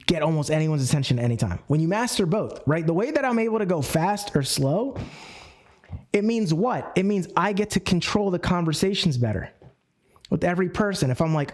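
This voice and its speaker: A network marketing coach with a voice on the high side leads a live group coaching session. Energetic and animated, he acts out phone calls and changes his speed and tone as he teaches.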